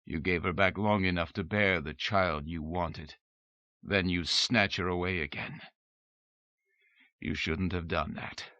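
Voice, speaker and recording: A terse, commanding master of the house, read by a man in his own voice, formal and clipped. The voice is low and forceful, with a hard edge. The recording is muffled and dry, a lo-fi audiobook. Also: very animated, moderate pace, dry recording, full character voice. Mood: cold bitterness.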